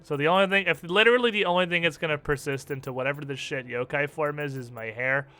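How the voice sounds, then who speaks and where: Bright-voiced joking young streamer man. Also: on the high side, fast talker, smooth, soft background music. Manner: joking, profane, animated. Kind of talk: casual gameplay commentary.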